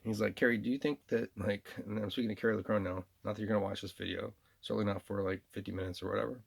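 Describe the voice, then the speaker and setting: A man's voice: on the low side, level tone, very fast, gravelly, husky. A man vlogging in a rambling monologue, full of restarts and repeated words.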